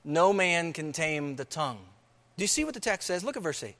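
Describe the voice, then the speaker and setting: A man's voice: a little high, big pitch swings, a little fast, fairly bright tone, in a large hall. A man preaching a sermon, emphatic, repeating key phrases and asking rhetorical questions.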